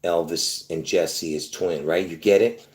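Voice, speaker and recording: Here a man speaks with a low pitch and fairly even intonation, a little slowly, in an echoey room. He's a video host rambling to his audience, repeating and restarting often while he hammers his point home with fillers.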